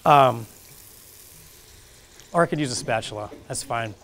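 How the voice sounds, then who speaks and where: This man's mid-range voice is unhurried, creaky and a bit bright. He's demonstrating a recipe in a relaxed, jokey cooking class at a community kitchen classroom, narrating every step as he goes with chatty, self-deprecating humor.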